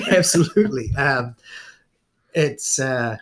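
A middle-aged man with a New Zealand accent, a police officer chatting as an interview guest, relaxed and full of fillers and small laughs. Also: mid-range voice, takes it slowly, a little hiss or hum. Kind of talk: casual interview chat.

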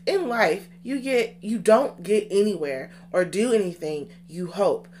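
A woman's voice: medium pitch, unhurried, a little mellow, slight background noise. A young woman co-hosting a podcast, chatting casually and rambling with restarts and fillers. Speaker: podcast co-host.

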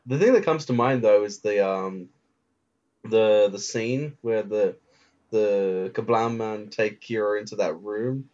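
A man's voice: on the low side, a little slow, a little mellow. A man co-hosting a casual podcast chat, leaning on fillers as he searches for words. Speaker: podcast co-host. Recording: slightly dull, lo-fi sound.

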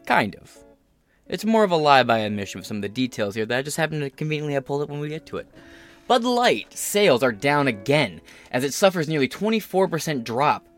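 A man's voice: medium pitch, big pitch swings, fast, fairly bright tone, faint music behind. A man hosting a podcast, giving sarcastic, profane and rambling commentary on the news. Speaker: podcast host.

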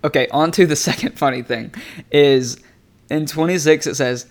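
A man giving a casual devotional teaching, talking in an animated, conversational way and laughing often. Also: a little high, normal speed. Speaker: preacher.

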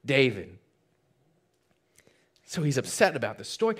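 A man preaches in a church with a notably high voice. He tells the story in an animated way, rising to loud emphasis and then dropping to a hush. He adds light, joking asides for the congregation. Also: moderate pace. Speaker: pastor. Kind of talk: sermon.

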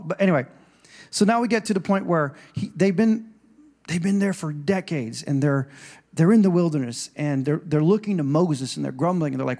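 A man's voice: fairly high pitch, brisk, darkish tone. A male pastor preaching a sermon in a church, conversational and digressive, with restarts, and acting out scripture voices with rising emphasis.

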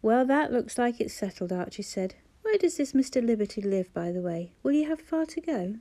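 A woman's voice: fairly high pitch, sing-song, moderate pace, dark tone, dry recording. A woman reading a man's part, a courteous and lightly teasing local shop owner. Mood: friendly. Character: local man, shop owner, gallant and chatty.

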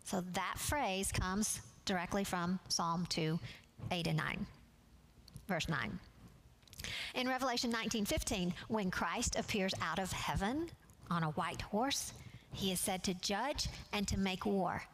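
A woman teaching a Bible study class from slides. She speaks in a measured, earnest way and leans on key words. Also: medium pitch, fairly bright tone.

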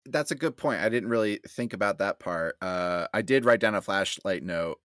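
A man's voice: lowish voice, lively intonation, moderate pace, a bit bright, no echo, studio quality. A man co-hosting a casual podcast, joking loosely about a bad movie, full of fillers and swearing. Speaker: podcast co-host. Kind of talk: casual movie-riffing chat.

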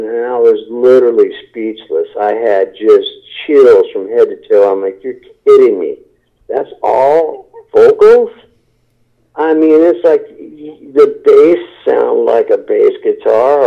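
A man's voice: mid-range voice, measured pace. A man, a rock singer, giving an interview and talking casually and enthusiastically, rambling with many fillers and restarts. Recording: tinny phone line.

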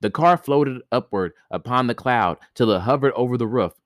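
A man's voice: medium pitch, lively intonation, normal speed, dry recording, clean studio sound. A man reading an old myth aloud for a podcast, stumbling over words now and then and breaking off to joke about it. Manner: reads with stumbles and laughing commentary. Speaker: podcast host reading myths. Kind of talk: casual read-aloud storytelling with asides.

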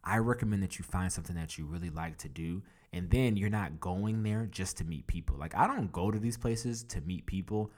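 A man with a very low voice hosts a podcast in a loose, chatty way. He tells stories with lots of fillers and restarts and acts out quoted exchanges. His delivery is animated and conversational. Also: brisk, few pauses. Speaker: podcast host. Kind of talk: casual storytelling advice.

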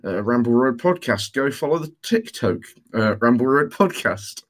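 A man's voice: medium pitch, animated, normal speed. A young man, a university student, co-hosting a podcast over a voice call with dry, teasing remarks. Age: young adult. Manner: dry, teasing, laughs often. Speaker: podcast co-host. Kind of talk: casual chat among friends. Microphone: online voice call.

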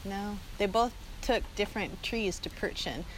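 A woman's voice: mid-range voice, measured pace, slight background noise. A woman hosting a podcast in casual, playful chat, laughing often, recorded outdoors at dinner. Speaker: podcast host.

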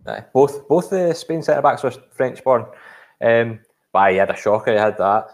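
A man's voice: mid-range voice, expressive, moderate pace. A Scottish man co-hosting a podcast, chatting casually about football in a rambling, hesitant way with lots of fillers. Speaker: podcast co-host.

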